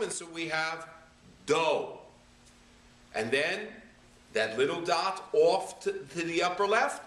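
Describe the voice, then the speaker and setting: Guy slowly sounding out syllables for a class, bright lively voice, echoey room a bit off mic. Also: mid-range voice, distant mic. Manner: sounds out syllables one by one, patient. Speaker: rabbi teaching Hebrew reading. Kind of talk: slow, deliberate reading lesson.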